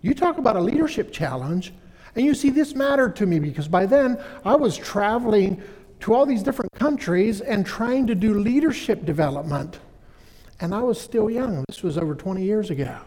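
Husky high-voiced man preaching in a hall. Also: animated, normal speed, darkish tone. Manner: earnest storyteller, repeats and restarts. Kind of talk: sermon with personal story.

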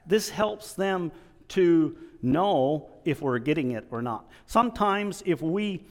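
A man preaching a sermon in an earnest, halting way, restarting his sentences often. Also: sits high, long reverb tail.

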